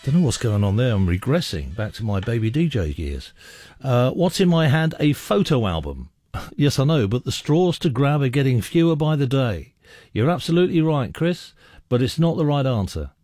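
Playful South West London radio DJ. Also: male voice, mid-range voice, sing-song, moderate pace, darkish tone, no room sound, clean studio sound. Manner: playful, jokey banter. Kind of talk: casual radio presenting.

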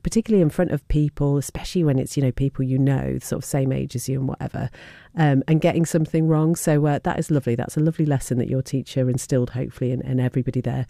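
A male radio presenter in a studio, chatting and reading listener messages aloud with lively emphasis. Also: on the high side, dry recording. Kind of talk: radio phone-in chat, reading listener texts. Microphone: studio microphone.

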